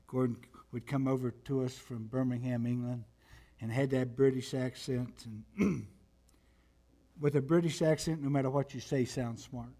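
In this sermon, a male pastor with a medium pitch and fairly even intonation moves from near-whispers to forceful, loud passages. Scripture readings come slow and deliberate.

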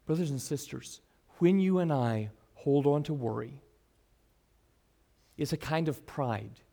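Middle-aged pastor, high tenor, earnest sermon delivery with big shifts in loudness. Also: male voice, expressive, measured pace, creaky. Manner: earnest, varies loudness widely, drops to soft asides.

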